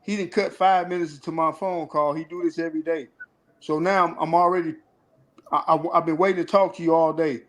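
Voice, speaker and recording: Man, earnest, candid panel talk, higher voice. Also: fairly even intonation, brisk, poor audio. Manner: earnest, acts out phone talk. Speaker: formerly incarcerated panel guest.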